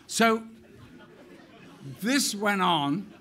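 Older guy spinning funny stories onstage, gravelly voice, bright tone, takes his time. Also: a little high, unhurried. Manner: animated, laughing as he tells stories. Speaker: guest actor. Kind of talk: onstage anecdotal storytelling. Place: stage event before an audience.

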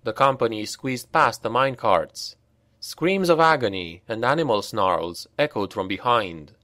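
A male audiobook narrator with a mid-range voice, telling a grim fantasy story at a slow, deliberate pace. The sound is dry and close, with no room around it. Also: medium pitch, animated, dry recording. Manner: unhurried, grave storytelling that lifts for shouted dialogue.

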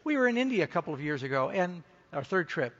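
A middle-aged male preacher delivers a conference sermon in a slightly high voice. He tells stories and builds to excited, emphatic peaks. The recording is somewhat dull and lo-fi. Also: fast talker. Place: large conference hall stage.

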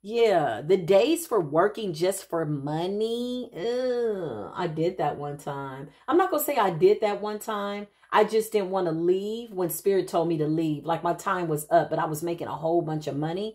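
Low-voiced chatty woman spiritual reader. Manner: chatty, animated storytelling, calls listeners "child" and "honey"; quick asides and restarts, laughs at herself. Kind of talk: casual spiritual reading monologue.

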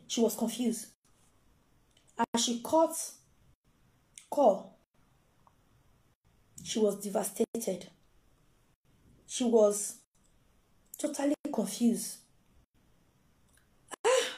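A woman's voice: fairly high pitch, very slow, long pauses, echoey room. A Nigerian woman telling a story in a casual, dramatic way, acting out the voices of the people in it. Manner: dramatic, animated, acts out quoted voices. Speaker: storyteller host.

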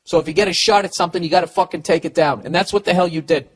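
Profane ranting comedian with a Boston accent. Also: male voice, sits high, racing. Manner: profane, ranting, stammering restarts. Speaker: podcast host. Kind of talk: comedic advice rant.

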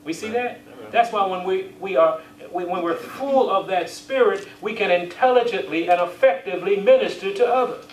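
A man's voice: high voice, moderate pace, hardly any pauses. A man preaching a sermon, reading scripture aloud and drawing amens from his congregation. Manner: call-and-response, asks the congregation for amens; reads scripture aloud in King James wording. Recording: echoey church hall, distant mic, faint hiss.

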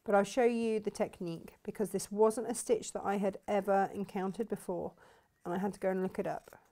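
A woman's voice: medium pitch, steady tone, a little fast, dark tone. A woman hosts a live sewing demonstration, chatting enthusiastically and thinking aloud as she works. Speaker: craft shop host demonstrating sewing.

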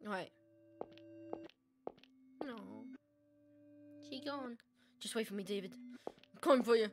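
A woman's voice: sits high, fairly bright tone. A young woman playing a game on video, chatting, reacting and reading the characters' lines aloud. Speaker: let's play gamer. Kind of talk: casual gameplay commentary reading dialogue aloud.

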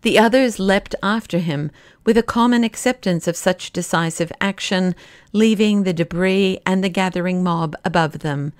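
A woman narrating a classic novel as an audiobook, in a measured delivery that slows down for the dramatic passages. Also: fairly low pitch, smooth, no room sound, studio quality.

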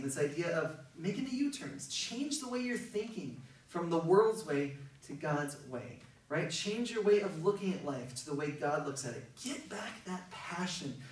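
A man's voice: a little high, expressive, normal speed, few pauses. A male pastor preaching a sermon in a conversational, emphatic way. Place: church hall. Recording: very echoey, from far off, faint noise.

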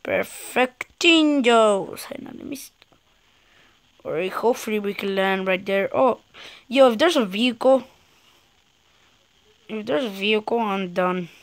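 A woman gamer giving excitable let's play commentary, swearing, yelping and muttering at the game. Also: mid-range voice, moderate pace, pauses often, no echo, rough recording.

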